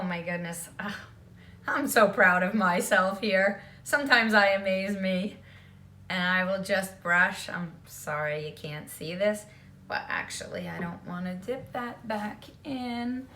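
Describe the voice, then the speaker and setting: A chatty woman walks through a home cooking demo at an unhurried pace, her voice bright and forward. She keeps checking in with the viewer as she goes. The sound is roomy, bouncing around her kitchen. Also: mid-range voice, a little hiss or hum. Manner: chatty, often checks in with "okay?". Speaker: home cook.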